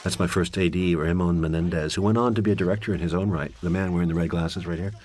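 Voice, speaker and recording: Low-voiced man rambling through a commentary. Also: fairly even intonation, fast, a little mellow. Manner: rambling, candid, wry. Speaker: film director giving commentary. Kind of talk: director's commentary, reflective storytelling.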